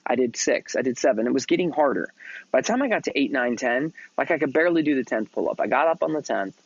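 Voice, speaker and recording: Energetic middle-aged man telling a motivational story. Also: mid-range voice, quick pace, breathy edge, dry recording, dull audio. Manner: energetic, casual, swears freely, repeats himself. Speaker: mentoring podcast host.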